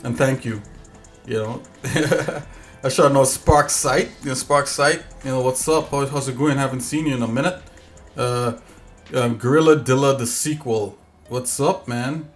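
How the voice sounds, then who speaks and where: A man's voice: medium pitch, measured pace, faint music behind. A man hosting a casual livestream as a game developer, talking in an easygoing, rambling way with lots of fillers.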